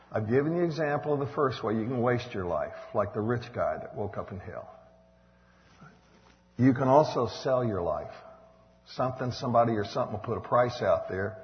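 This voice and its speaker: Animated preacher in a hall. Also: male voice, mid-range voice. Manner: animated preaching, swings from loud to hushed. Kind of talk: sermon. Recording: dull echoey hall recording.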